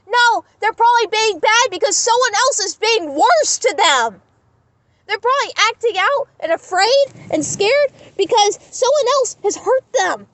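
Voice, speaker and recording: A woman's voice: very high-pitched, lively intonation, normal speed, fairly bright tone, low-quality recording. A young woman in an impassioned, indignant rant, talking straight to the camera with emphatic repetition. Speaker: vlogger. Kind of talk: impassioned ranting monologue.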